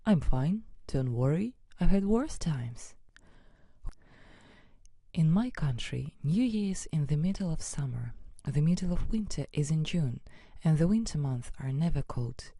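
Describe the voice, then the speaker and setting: A friendly male red kangaroo guide for an educational cartoon lesson, chatting cheerfully to the children watching, as a woman voices him. The tone sits low, with a mellow, soft edge. The sound is dry and close. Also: expressive, unhurried, husky, no echo, exaggerated voice. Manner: chatty, addresses children directly. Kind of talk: scripted educational narration.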